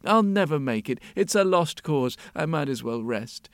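A man voicing a weary, overburdened old male donkey who talks slowly and sounds defeated. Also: fairly high pitch, expressive, no echo, studio quality. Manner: slow, sighing and defeated.

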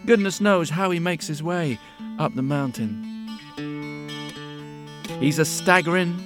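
Guy telling a folk tale, expressive, a bit high, soft guitar under it. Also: unhurried. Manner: lively and expressive, repeats phrases. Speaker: storyteller. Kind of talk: oral storytelling.

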